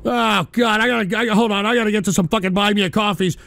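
A man hosting a live talk show, ranting angrily with profane, shouted outbursts and a habit of saying "all right". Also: high-pitched, steady tone, quick pace, creaky, hardly any pauses. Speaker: radio show host. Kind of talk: angry live-stream rant.

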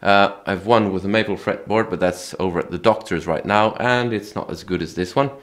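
A man who hosts his own channel, talking casually about his guitar in a relaxed, chatty way, often correcting himself. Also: on the low side, brisk. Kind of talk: casual gear talk to camera.

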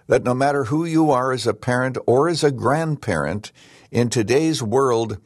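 Man preaching a sermon real slow and earnest, mid pitch, big echoey church hall. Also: breathy edge. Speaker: pastor.

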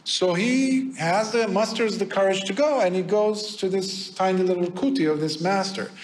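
A male Buddhist monk giving a dharma talk in a temple prayer hall, telling a story with pauses and fillers. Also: high voice, slight background noise.

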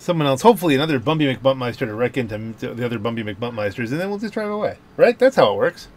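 Racing on stream, a man chats to himself in jokey, relaxed let's-play style as a gaming channel host, his home gaming mic picking up clicks. He sounds mid-range, very animated and rushed, with car and game noise filling the recording.

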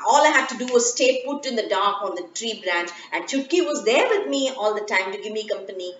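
A woman's voice: mid-range voice, expressive, a little fast, a bit bright, slight background noise, close to an everyday voice. A woman voicing a brave little village girl, speaking earnestly in a storybook reading. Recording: dull, echoey room, from far off.

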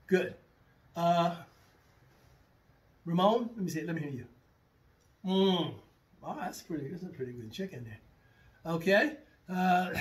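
A man's voice: high-pitched, a bit bright, far from the mic. A man leading a children's martial arts class, playfully pretending to be confused and repeating himself as he coaches.

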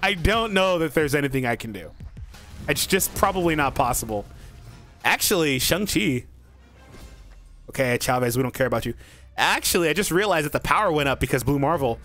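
A young man hosting a gaming channel, commenting on a card game as he plays, excitable, talking to himself and laughing often. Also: a little high, fairly quick, pauses often, soft background music.

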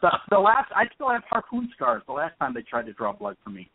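A man's voice: on the high side, huge pitch swings, fairly quick. A man making wry joking asides in casual banter with his co-host. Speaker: podcast co-host. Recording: tinny phone-like audio, faint hiss.

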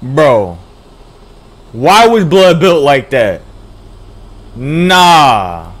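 A young man giving casual, slang-heavy commentary on a game, excitable and repeating his phrases. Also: fairly high pitch, drawn-out words, noisy background. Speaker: gaming YouTuber. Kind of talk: let's play commentary. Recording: commentary over loud game music.

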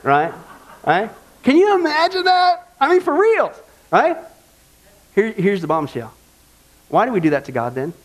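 A male pastor preaching a sermon in an animated, folksy way, often asking the congregation for agreement. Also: sits high, measured pace, pauses often.

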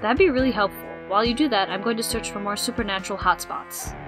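Excitable woman playing a video game. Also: medium pitch, fast talker. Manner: excitable, swears when surprised. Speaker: gamer. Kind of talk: let's play commentary. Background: game music.

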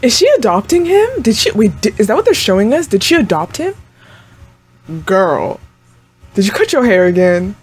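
A woman's voice: mid-range voice, sing-song, normal speed, slightly rough, faint music behind. A young woman hosting a reaction video, chatting casually to the screen with frequent exclamations and laughs. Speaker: anime reaction channel host.

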